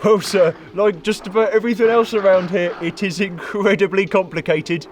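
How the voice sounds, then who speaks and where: A man's voice: high voice, fairly even intonation, moderate pace, slight background noise, close to an everyday voice. A man playing a hesitant, deferential British private. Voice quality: deferential, hesitant, keeps saying sir. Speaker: comedy sketch actor. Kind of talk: comedy sketch acting.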